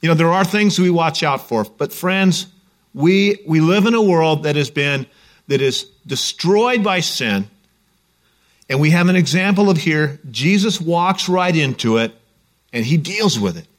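High-voiced pastor preaching. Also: male voice, animated, unhurried. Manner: conversational, jokey storytelling. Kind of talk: sermon.

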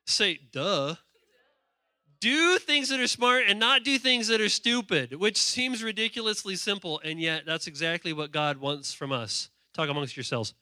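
A man preaching a lively sermon, reading scripture aloud with playful asides and calling on the congregation to respond. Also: high-pitched, normal speed, smooth, no room sound, clean studio sound. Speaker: pastor.

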